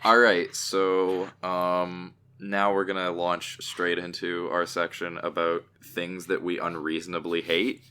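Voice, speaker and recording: A man's voice: low voice, completely flat delivery, a little slow, hardly any pauses, sharp tone, clear, resonant tone. A man co-hosting a casual podcast, chatty and teasing, often stumbling over his words. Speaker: podcast co-host.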